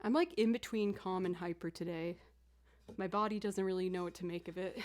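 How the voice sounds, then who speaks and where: Between songs on her livestream, a woman musician chats casually with viewers and reads their chat aloud, with looped instrument music in the background. Her voice is on the low side, brisk, and somewhat dark in tone.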